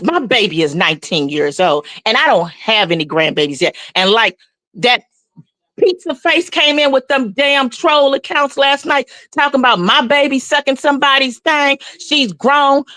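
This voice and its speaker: A woman in her forties with a Southern US accent gives heated, casual commentary as a guest. Her voice is a little high and sharp-toned, and she's blunt, profane, and impassioned. There's no echo.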